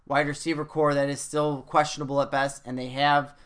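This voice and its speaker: A man hosting a casual sports podcast, an animated storyteller who swears freely. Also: fairly high pitch, a little fast, clean tone. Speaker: podcast host.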